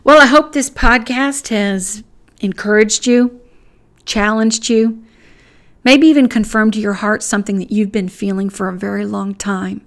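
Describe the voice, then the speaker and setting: A woman's voice: medium pitch, steady tone, unhurried. A woman hosting a Christian commentary podcast, speaking in an earnest, pointed, conversational way. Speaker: podcast host.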